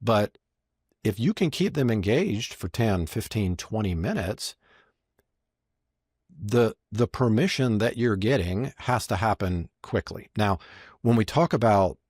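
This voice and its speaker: In an unhurried, fairly low voice, a man tells stories during a podcast interview. The sound is clean studio audio with no room sound. He's a magician and marketing strategist who brings quoted lines to life by acting them out.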